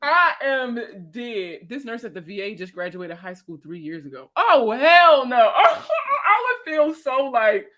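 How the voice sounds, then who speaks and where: A woman around thirty with a Baltimore accent, hosting a casual livestream chat with viewers, slangy and profane and quick to laugh. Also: medium pitch, sing-song, a bit bright, a little hiss or hum. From Baltimore, USA. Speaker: host answering viewer comments.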